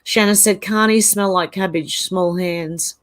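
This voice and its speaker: A woman's voice: on the low side, steady tone, measured pace. An Australian woman hosting a casual livestream, reading viewer comments aloud and rambling through her reactions. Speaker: channel host.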